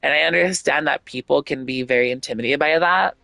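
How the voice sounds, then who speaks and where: A woman's voice: sits low, fairly quick, creaky, sharp tone, no room sound. A woman streamer chatting casually, blunt and outspoken, swearing freely and rambling with lots of fillers. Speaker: gaming streamer.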